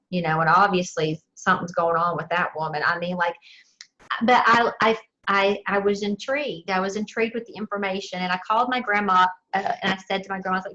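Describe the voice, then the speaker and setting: A woman with a Southern US accent, a sales director telling her team her story in a chatty, expressive motivational talk. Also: medium pitch, fairly quick, muffled recording. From southern United States. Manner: chatty and expressive, addresses listeners as y'all.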